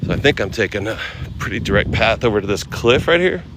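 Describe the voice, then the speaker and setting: This American man talks fast, with a lowish voice and lively intonation, while live-streaming on a walk through windy city streets. He thinks aloud about where to travel and thanks viewers by name, as street noise, wind and traffic sound in the background.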